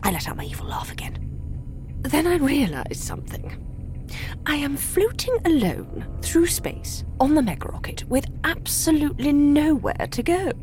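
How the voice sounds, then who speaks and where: Animated woman reading a storybook. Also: high-pitched. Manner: animated, gleeful, theatrical. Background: music.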